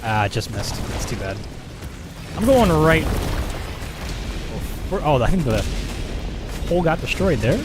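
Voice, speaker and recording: A man's voice: a little high, sing-song, a little slow, pauses often, music in the background. Game streamer, a man, chatty and profane, voice swinging up and down, half-laughing complaints. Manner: chatty, laughing, swears a lot, mock-outraged. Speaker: gaming live streamer. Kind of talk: casual gameplay commentary.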